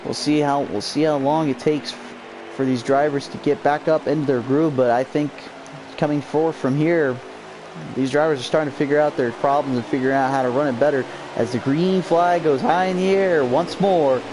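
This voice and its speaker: Excitable young male race commentator. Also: moderate pace. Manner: energetic, jumps high on crashes. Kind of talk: excitable sim racing play-by-play. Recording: noisy amateur stream audio.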